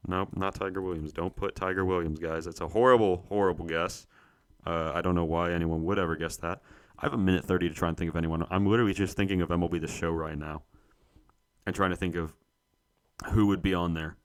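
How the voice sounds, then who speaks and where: Low-voiced young man muttering through a quiz. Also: steady tone, fast. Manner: muttering, self-talking, searching for names. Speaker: co-host. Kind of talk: solo quiz play-through, thinking aloud.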